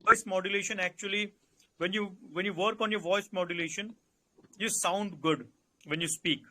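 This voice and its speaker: A man with an Indian English accent coaches candidates in a calm, instructive way and circles back to restate his points. His voice sits high and sounds bright and forward. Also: normal speed, a little hiss or hum. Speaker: interview coach. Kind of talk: advisory Q&A session.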